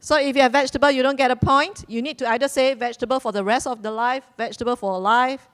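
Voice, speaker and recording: A woman with a high, steady voice talks quickly while running a live quiz at a community celebration. She's playful, repeats her instructions, and laughs now and then.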